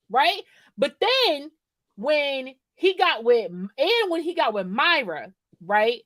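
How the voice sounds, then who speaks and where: A woman's voice: sits high, very animated, slow pace, a bit bright, no echo. A woman co-hosting a podcast in casual, profane chat, rambling and often checking in with "right?". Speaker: podcast co-host.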